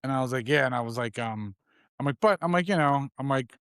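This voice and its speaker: A man's voice: medium pitch, quick pace, fairly bright tone, no echo, studio quality. A man in his twenties co-hosting a podcast, telling a long rambling anecdote and acting out the other man's lines in casual chat. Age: 20s. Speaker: podcast co-host.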